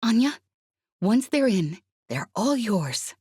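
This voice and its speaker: A woman's voice: on the high side, very animated, takes it slowly, a little mellow, slightly rough, no echo, studio quality, voice pushed up, heavily acted. A woman reading an audiobook, voicing a bold, grinning young woman leading a crew. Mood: cocky.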